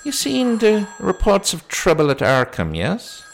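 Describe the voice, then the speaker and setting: A man's voice: high voice, wildly swooping pitch, unhurried, vocal fry, soft background music, pitched above the performer's own voice, full character voice. A man voicing a suspicious, patronizing British police desk sergeant whose accent wanders toward Scottish. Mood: condescending. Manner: pompous, patronizing, stammering.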